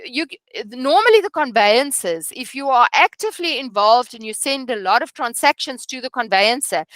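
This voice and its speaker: A woman's voice: on the high side, bright, forceful tone, no room sound. A middle-aged woman teaching real estate agents, earnest, often asking "okay?" and restarting her sentences. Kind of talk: training session lecture.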